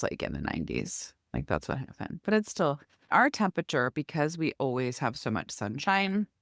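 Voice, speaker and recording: A middle-aged woman co-hosting a podcast, telling a long story in a lively, chatty way. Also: a bass voice, no echo, clean studio sound. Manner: lively storytelling, acts out quoted neighbors. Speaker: podcast co-host. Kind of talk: casual chat.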